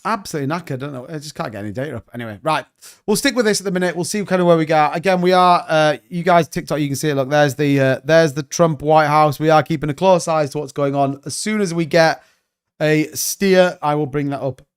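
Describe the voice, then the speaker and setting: A man's voice: on the high side, fast, clean tone. A man hosting a casual livestream, joking and bantering as he reads out chat comments. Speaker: crypto livestream host.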